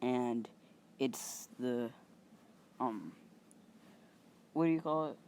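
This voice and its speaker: Male channel host, unhurried and rambling, filler-heavy improvised storytelling, faint hum behind. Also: medium pitch, darkish tone. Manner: halting and rambling, many fillers and mild swearing.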